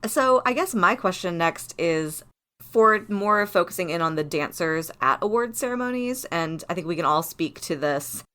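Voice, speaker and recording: Female co-host, lowish voice, conversational interviewer. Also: animated, normal speed, a bit bright, clean tone. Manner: conversational, asks questions. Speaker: podcast co-host. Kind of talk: casual podcast chat.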